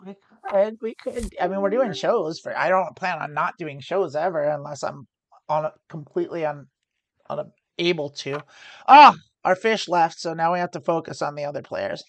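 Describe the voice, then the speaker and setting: A woman's voice: low voice, normal speed, no echo. Woman streamer thinking aloud over poker. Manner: thinks aloud about hands, restarts often. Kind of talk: live poker play-and-explain commentary.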